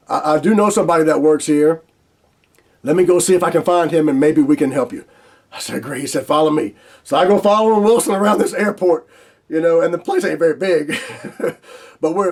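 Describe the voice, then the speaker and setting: High-pitched Southern man telling a story. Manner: animated, laughs often and acts out quoted dialogue. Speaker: host. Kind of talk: casual spoken storytelling.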